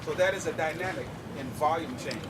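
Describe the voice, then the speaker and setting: A man with a fairly high voice leads a drumming lesson, explaining each idea to the crowd and checking in with a quick "okay?" The mic sits well away from him. Outdoor noise stays clearly present behind him. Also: far from the mic. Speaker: drum instructor. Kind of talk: lecture-demonstration. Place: outdoor campus event.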